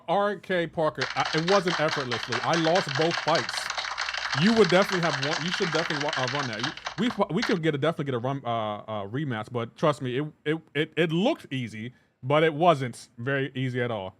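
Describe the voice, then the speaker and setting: A man's voice: a little high, expressive, a little fast, background noise. A man live streaming a game, talking loosely with his chat and greeting viewers by name. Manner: talks to chat viewers while playing, loose and chatty. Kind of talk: casual live-stream chat reading comments.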